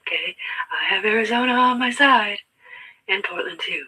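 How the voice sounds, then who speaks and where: Breathy whispering woman rambling on. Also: mid-range voice, expressive, normal speed, bright, forceful tone, low-quality recording. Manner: repetitive, insistent. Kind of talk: rambling monologue to camera.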